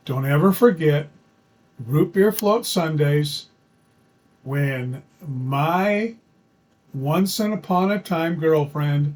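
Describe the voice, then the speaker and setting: A man's voice: medium pitch, slight background noise. A middle-aged man telling a personal story in an earnest, folksy way, repeating phrases for emphasis as he gives dating advice.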